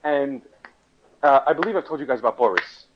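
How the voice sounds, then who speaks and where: A man's voice: medium pitch, expressive, a little fast, muffled recording, a little hiss or hum. A young man on a casual podcast chat, telling a story in a joking, rambling way and restarting his sentences. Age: young adult.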